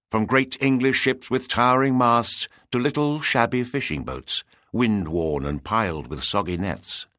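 A man narrating a storybook in an expressive, descriptive reading. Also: medium pitch, dry recording, studio quality.

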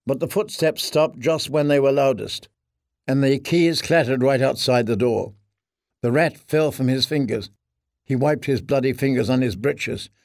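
A man narrates a dark story for an audiobook in steady, measured scripted narration. His pitch is medium, and the recording is dry and of studio quality.

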